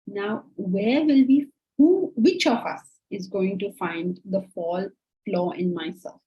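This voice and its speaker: A woman teaches a Vedanta class in a conversational, questioning style. Her voice is fairly high, mellow and a little husky. The recording is muffled and lo-fi. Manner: lively, conversational, asks students rhetorical questions. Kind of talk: online class lecture. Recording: muffled lo-fi audio.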